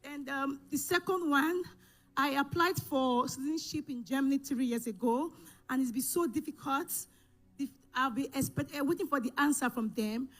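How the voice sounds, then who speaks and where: High-voiced woman giving testimony. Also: soft background music. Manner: halting storytelling with restarts and self-corrections. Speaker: church member giving testimony. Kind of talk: emotional personal testimony. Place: church service.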